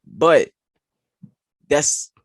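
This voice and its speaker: Animated man on a podcast, dry sound. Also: very slow, no echo. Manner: animated, says "bro" often. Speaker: podcast co-host. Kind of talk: casual sports chat.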